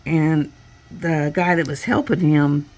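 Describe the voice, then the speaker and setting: A woman's voice: low voice, steady tone, slow pace, a little mellow. A woman, a crafting vlogger chatting casually and retelling a story with quoted voices at her home workstation.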